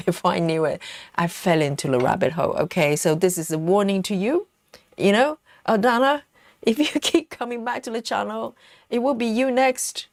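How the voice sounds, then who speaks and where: A woman's voice: medium pitch, no echo, studio quality. A woman hosting a casual live stream, chatting and giggling as she reads viewer comments aloud. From United Kingdom.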